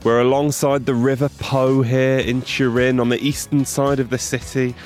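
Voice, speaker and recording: A man's voice: medium pitch, level tone, moderate pace, darkish tone, faint music behind. A man co-hosting a podcast outdoors by a river, playful and reeling off facts in casual chat. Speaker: podcast co-host.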